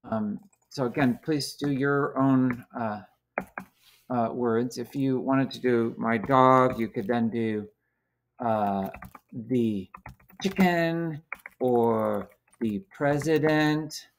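A man teacher talking through a coding lesson on screen, halting and full of fillers. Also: medium pitch, slight background noise. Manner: slow, halting, many fillers.

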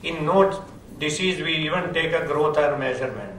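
A man's voice: fairly high pitch, moderate pace, a bit bright, far from the mic, a little hiss or hum. Older man lecturing in an echoey hall. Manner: chuckling, wry storyteller. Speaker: pediatrics professor. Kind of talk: lecture with anecdotes. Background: audience laughter.

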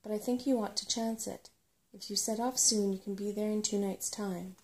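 A woman's voice: mid-range voice, steady tone, moderate pace, lightly acted. A woman voicing an anxious, earnest female rat giving advice, in a whispered role-play. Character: fussy, worried female rat advising travellers.

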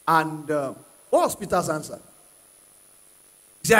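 High-voiced, husky male pastor preaching. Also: normal speed, long pauses. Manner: asks the congregation questions and prods them to answer; emphatic, repeats key phrases. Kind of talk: sermon. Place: church hall with live congregation. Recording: long reverb of a large hall.

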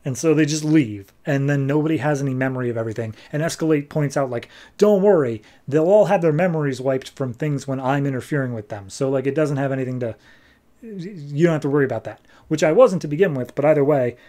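Man, podcast host, casual comic recap, offhand, fairly high voice, mellow tone. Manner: quick, offhand retelling, dropping into brief quoted voices.

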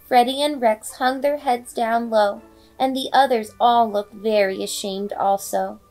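High-voiced woman reading a bedtime story. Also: measured pace. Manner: expressive, dramatic storybook reading. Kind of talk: bedtime read-aloud narration. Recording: faint background music.

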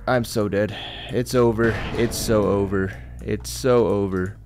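Male horror gamer, slow-talking, jumpy, swears a lot. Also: fairly low pitch, fairly even intonation, darkish tone, faint music behind. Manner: jumpy, swears a lot, yelps when startled. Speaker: gaming channel host. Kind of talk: horror game commentary. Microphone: desk mic.

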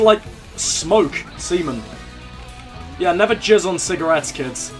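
A man's voice: sits high, expressive, slow pace, soft background music. A young man hosting a let's play, cracking crude jokes in casual gameplay commentary. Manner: joking, crude banter with laughs.

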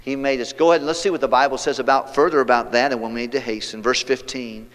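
A man preaching a sermon as pastor, reading scripture aloud and leading the congregation, moving between loud preaching and hushed passages. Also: medium pitch, fairly even intonation, quick pace, hardly any pauses. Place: church sanctuary. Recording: long hall reverb, church sanctuary.

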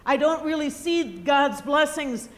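Woman preacher, slow and gentle, reflective storyteller. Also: high-pitched, lively intonation. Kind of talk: sermon storytelling.

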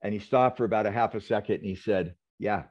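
A man's voice: lowish voice, fast. Earnest man on a muffled call. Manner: earnest, reflective, tells stories with quoted dialogue. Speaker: guest. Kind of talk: interview conversation. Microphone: video call.

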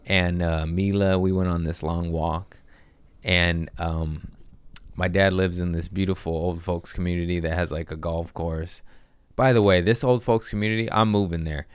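A man hosting a podcast, telling rambling, profane, animated comic stories in casual chat. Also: deep voice, moderate pace, clear, resonant tone, no echo. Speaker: podcast host. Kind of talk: casual comedic storytelling.

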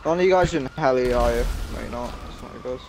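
A man's voice: medium pitch, fast, creaky, a crowd in the background. A man chatting as a teammate in an online game, grumbling and easily irritated. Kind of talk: casual gaming chat. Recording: loud background noise.

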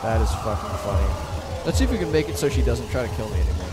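A man giving sarcastic let's play commentary, swearing often and loudly mocking the monster in a high, shouting voice. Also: very animated, rapid-fire. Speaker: gaming commentator. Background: game music.

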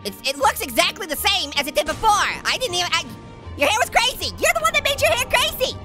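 Figure: Annoying Orange, a squeaky giggling cartoon fruit. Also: male voice, big pitch swings, fast, sharp tone, faint music behind, heavily acted. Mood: giggly hyper. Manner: giggly, punning, jokey. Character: hyper wisecracking male cartoon orange. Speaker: let's play host. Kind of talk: comedic gameplay commentary.

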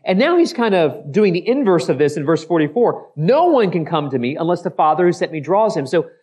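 A man's voice: a little high, very animated, fairly quick, a little mellow, slightly rough. A male pastor preaching an expository sermon, acting out skeptical voices and often repeating and correcting himself. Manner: repeats phrases, self-corrects mid-sentence.

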